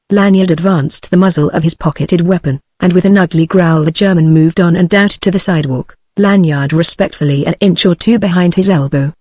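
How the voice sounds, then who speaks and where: A British-accented text-to-speech female voice narrating a novel as an audiobook, in a steady, synthetic delivery. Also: fairly low pitch, no echo, studio quality. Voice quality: synthetic, even.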